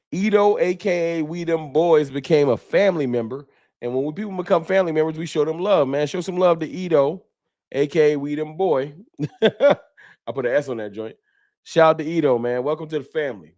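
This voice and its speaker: A man's voice: fairly high pitch, darkish tone. A man hosting a casual sports fan livestream, talking loose and slangy as he reads out viewer donations. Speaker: fan talk show host.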